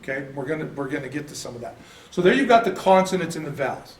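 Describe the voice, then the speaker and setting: A man leads a relaxed church class, chatty and quick to laugh at his own mistakes. His voice sits fairly high. He sounds a little far from the mic in an echoey room with faint background noise. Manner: chatty, self-deprecating, laughs often. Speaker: Bible study teacher. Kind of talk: casual classroom teaching.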